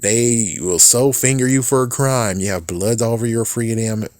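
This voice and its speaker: A man's voice: medium pitch, normal speed, a little mellow, slight background noise. A man giving a casual, rambling spoiler recap of a movie, swearing often and laughing at it. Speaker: movie reviewer.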